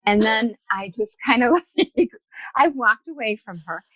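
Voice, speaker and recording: A woman's voice: a little high, measured pace, no room sound, low-quality recording. Chatty woman telling stories, dry sound. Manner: lively, chatty, acts out quoted dialogue. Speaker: guest, spiritual medium. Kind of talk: casual storytelling in an interview.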